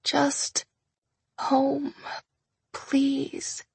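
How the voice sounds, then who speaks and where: A woman's voice: sits high, completely flat delivery, very slow, pushed and bright, no room sound, pitched above the performer's own voice, exaggerated voice. A woman voicing a hurt, whispering young wife. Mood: pleading. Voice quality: breathy, croaking. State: hoarse, whispering through pain. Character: injured young wife, fragile, near tears.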